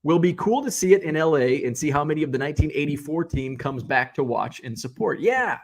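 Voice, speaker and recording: This high-voiced, middle-aged American talks briskly and with animation as he hosts a casual live-stream show. He goes through viewer comments, drifts into tangents, and frequently self-corrects.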